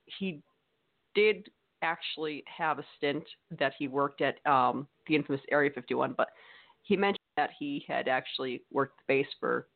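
A woman's voice: deep voice, moderate pace, vocal fry. A woman co-hosting a podcast in casual chat, teasing and laughing often. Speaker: podcast co-host. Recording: tinny phone-like audio.

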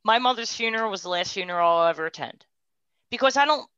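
A woman tells her story in a heartfelt personal testimony. Her voice drops to a hush, then lifts into quick, animated bursts. The sound is dry and a little muffled, as on a lo-fi recording. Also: mid-range voice, clean tone, no room sound. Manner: heartfelt, swings from hushed to animated. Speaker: guest sharing a personal story.

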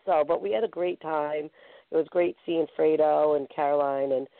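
A woman's voice: low voice, fairly even intonation, moderate pace, vocal fry, no echo. A woman talk show host telling a story in chatty, casual fashion, full of filler words. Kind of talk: casual chat. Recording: tinny phone line.

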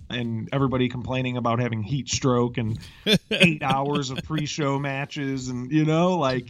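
A man speaking as a guest on a casual podcast, his voice mid-pitched and rambling, full of "like" and loose asides. His audio is somewhat dull and muffled, as if from a weaker mic. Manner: rambling, chatty, heavy on "like". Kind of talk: casual chat.

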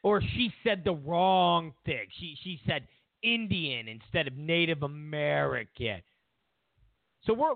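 A man's voice: high voice, no echo. Sarcastic man ranting on a tinny line. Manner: sarcastic, mocking, acts out voices of others. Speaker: talk show host. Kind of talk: ranting political commentary. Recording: dry, phone-like lo-fi sound.

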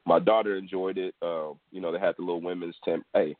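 A man in his thirties from Houston, Texas, co-hosting a podcast and telling a story in a relaxed, rambling way full of fillers. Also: low-pitched, brisk, no echo. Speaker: podcast co-host. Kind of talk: casual storytelling chat. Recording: dry, tinny phone line.

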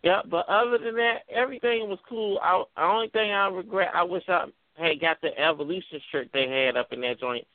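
A man's voice: high-pitched, brisk, hardly any pauses, no echo, phone-quality sound. A man co-hosting a casual chat, laid-back and slangy, swearing freely.

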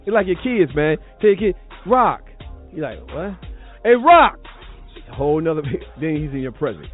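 A man with a Southern US accent hosts a Sunday morning gospel radio show, playful and calling out loudly now and then. His pitch swings widely and sits a bit high. The sound is thin and tinny, like over a phone line. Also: very animated, brisk, faint music behind. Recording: tinny phone-like broadcast audio.

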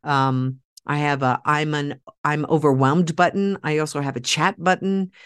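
A woman hosts a podcast in a deep, clear, resonant voice with fairly even intonation and normal speed. Addressing listeners directly, she makes an emphatic, rallying case, repeating key phrases to drive it home.

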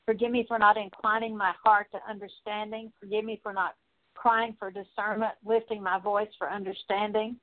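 A woman leading a spoken prayer of repentance, earnest and steady, working through a long list with frequent small fillers. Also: medium pitch, normal speed. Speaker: prayer minister. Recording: tinny phone-like line.

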